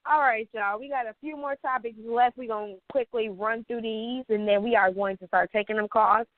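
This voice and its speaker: A woman co-host talks through celebrity gossip in a loose, chatty way, laughing often. Her voice sits a little high. The sound is dry and tinny, like a phone line. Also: steady tone, moderate pace, dry recording. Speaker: podcast co-host. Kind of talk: casual chat.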